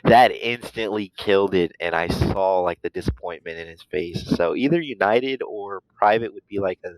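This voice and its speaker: A young man in his twenties with a low voice, talking loosely as a podcast guest and filling pauses with ums and likes. His voice sounds close and dry, with almost no room around it. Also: no room sound, rough recording. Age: 20s. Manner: easygoing, rambling, with many fillers. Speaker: guest, student pilot. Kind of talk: casual interview chat.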